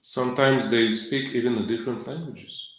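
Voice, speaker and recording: A middle-aged man giving a devotional lecture in halting English, full of fillers and self-corrections, with chuckles between points. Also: mid-range voice, fairly even intonation. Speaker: lecturer on scripture. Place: temple lecture hall. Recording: very echoey lecture hall.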